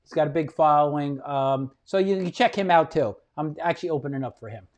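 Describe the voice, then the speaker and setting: A man, a guest comedian telling a story on a podcast, animated and loud, acting out the scenes and swearing. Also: on the high side, a little fast, dull audio.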